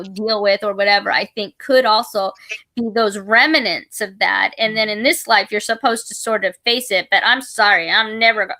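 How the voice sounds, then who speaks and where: A woman's voice: on the high side, no room sound. A middle-aged woman hosting a casual chat, rambling through a personal story with many restarts and fillers. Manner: rambling, full of restarts and fillers, animated retelling.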